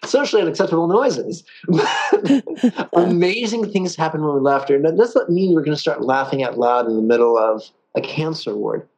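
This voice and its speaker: A man teaching a guided meditation lesson, calm and playful, with drawn-out pauses. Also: fairly high pitch, low-quality recording.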